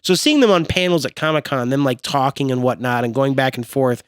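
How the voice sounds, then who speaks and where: A man co-hosting a podcast, animated and swearing freely in casual chat. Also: mid-range voice, brisk, clear, resonant tone, no room sound, studio quality. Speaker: podcast co-host.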